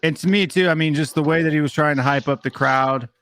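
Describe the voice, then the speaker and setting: A man hosting a casual call-in show, quick to agree and chatting in a relaxed, friendly way. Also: a little high, no echo. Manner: agreeable, quick affirmations, animated impressions. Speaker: host.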